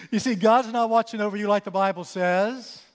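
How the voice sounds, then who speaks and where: A man's voice: high voice, moderate pace, lightly acted. A man voicing a mocking male tempter spirit within a sermon, with a long hall reverb behind him. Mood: taunting.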